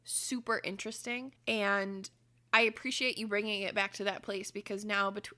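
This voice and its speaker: A woman's voice: medium pitch, little pitch movement, moderate pace, sharp tone. A woman co-hosting a casual podcast, talking heatedly and swearing freely while she keeps hiccuping. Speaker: podcast co-host.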